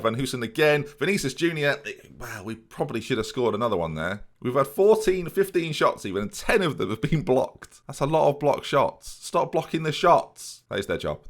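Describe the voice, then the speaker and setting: A man's voice: mid-range voice, a bit bright. A man commentating a football management video game play-by-play, addressing viewers with jokey asides.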